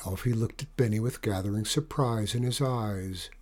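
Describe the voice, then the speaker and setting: A man narrating a storybook in an expressive, dramatic reading. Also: fairly low pitch, moderate pace.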